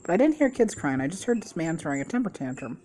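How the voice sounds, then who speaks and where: Woman, middle-aged, somewhat low voice, rambling storytime, casual, swears, gossipy. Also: sing-song, fast, dark tone, a little hiss or hum. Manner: chatty, swears freely, gossipy asides. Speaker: mukbang vlogger.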